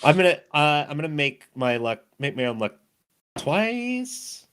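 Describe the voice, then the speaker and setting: A man's voice: medium pitch, a little fast, fairly bright tone, a little hiss or hum. A man playing in a tabletop game, joking and reacting to dice rolls. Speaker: player. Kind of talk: casual tabletop game chat.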